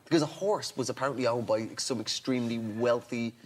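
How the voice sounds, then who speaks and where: Guesting on a talk show, a comedian with a medium-pitched voice rambles and stumbles through a long anecdote, repeatedly restarting and playing the other characters himself. A little hiss or hum can be heard.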